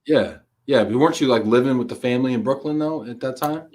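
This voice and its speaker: A man's voice: medium pitch, fast, darkish tone. A man hosting a live-streamed talk show, chatting casually and energetically on a video call, tossing in slang like "buddy" and "man".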